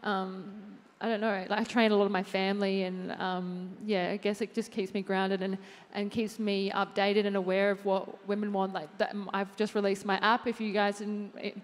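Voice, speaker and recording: A woman's voice: mid-range voice, flat delivery, moderate pace. A woman, a fitness trainer, chatting as a guest in a live on-stage interview, unassuming and full of fillers. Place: large event hall with audience. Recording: long hall reverb from a live stage.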